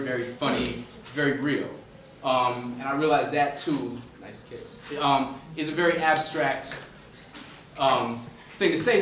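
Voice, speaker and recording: A man's voice: mid-range voice, fairly bright tone, slight background noise. A man from the Boston suburbs, an author speaking to a university class, telling a story in a conversational way with many fillers. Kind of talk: humorous storytelling lecture. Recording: echoey room, distant mic, faint ambience.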